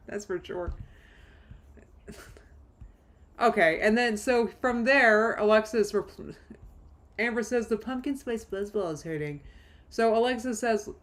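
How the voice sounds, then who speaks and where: A woman's voice: on the high side, slow pace, long pauses. Snarky woman streamer reacting live. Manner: chatty and snarky, laughs often, mocking asides. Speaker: drama commentary streamer. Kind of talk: live reaction stream, reading texts aloud.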